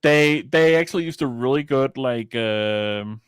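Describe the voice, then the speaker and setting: A man's voice: mid-range voice, a little slow, clean tone, no room sound. A man with a Danish accent, a podcast co-host chatting casually in a rambling, chatty way with casual swearing. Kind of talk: casual chat.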